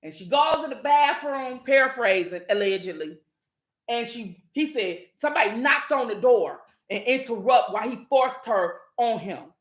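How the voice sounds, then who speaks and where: A high-pitched woman talks in a sassy, blunt, profane rant, speaking. Her voice bounces off the walls of an echoey room. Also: lively intonation, normal speed. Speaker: channel host. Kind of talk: casual commentary monologue.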